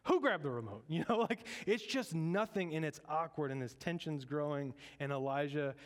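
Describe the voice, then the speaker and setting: A male pastor preaching in a slightly high voice. He talks in a lively, conversational way and slips in joking asides. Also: normal speed. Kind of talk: sermon.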